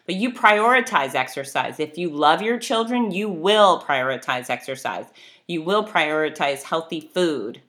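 A woman's voice: low-pitched, expressive, unhurried, a bit bright. A middle-aged woman giving an emphatic, blunt motivational talk that urges listeners to act. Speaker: motivational speaker.

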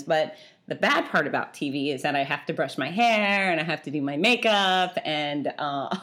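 A woman's voice: on the low side, a bit bright. A middle-aged woman hosting her own podcast, talking chattily and bluntly, ranting with feeling. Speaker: podcast host. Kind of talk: casual solo podcast monologue.

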